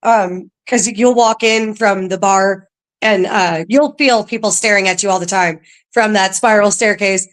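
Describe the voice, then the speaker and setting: A chatty woman talking as a guest on a casual podcast, with plenty of ums and easy laughs. She speaks at an ordinary middle pitch for a woman, in a relaxed and conversational way. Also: unhurried. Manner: chatty, laughs often, filler-heavy. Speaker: paranormal museum staff guest.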